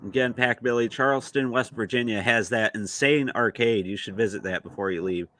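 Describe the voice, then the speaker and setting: A man's voice: medium pitch, a little fast, pushed and bright. A man hosting a retro gaming podcast, talking in a laid-back way with lots of fillers. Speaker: podcast host. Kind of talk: casual chat.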